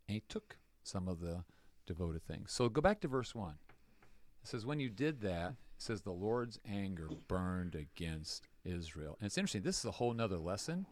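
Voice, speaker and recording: A man's voice: fairly low pitch, a bit bright, no echo. A man leading a casual Bible study, retelling the story with jokes and asides to his group.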